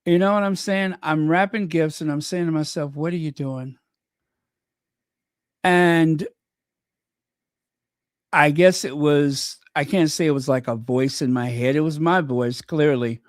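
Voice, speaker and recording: A channel host with a fairly high voice chats in a rambling way on a casual livestream, full of fillers and restarts. His tone is steady and unhurried, recorded close to the mic with no echo.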